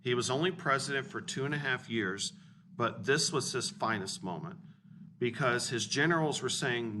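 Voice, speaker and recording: A man in his forties gives a recorded classroom lecture as a history teacher, blunt and informal, often checking in with his students. He speaks at medium pitch and a moderate pace, captured by a distant mic with room noise.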